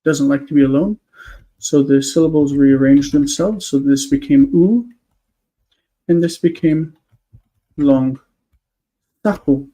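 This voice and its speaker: A man with a fairly high but mellow voice teaches on a live stream. He explains patiently, step by step, pausing on fillers as he thinks aloud. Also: low-quality recording. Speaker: Hebrew teacher.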